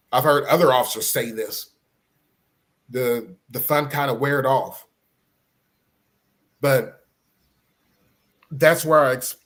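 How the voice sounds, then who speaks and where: A middle-aged police officer telling his own story in an earnest, halting way, with many fillers and restarts. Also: medium pitch, fairly bright tone. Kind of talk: personal story, casual talk.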